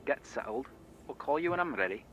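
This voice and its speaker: A man's voice: mid-range voice, animated, fairly quick, fairly bright tone, lightly acted, low-quality recording. An actor playing a terse male spy handler in a video game, giving clipped, businesslike instructions. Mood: curt.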